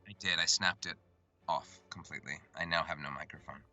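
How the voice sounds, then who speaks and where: Very deep-voiced man chatting on a call. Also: a little fast, highs cut off, faint music behind. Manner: relaxed, rambling, self-deprecating. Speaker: guest voice actor. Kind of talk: casual chat on a call. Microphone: computer mic over a video call.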